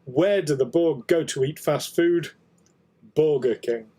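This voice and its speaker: A man's voice: on the high side, measured pace, mellow, slightly rough. A British man co-hosting a casual podcast chat, jokey and laughing often. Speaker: co-host.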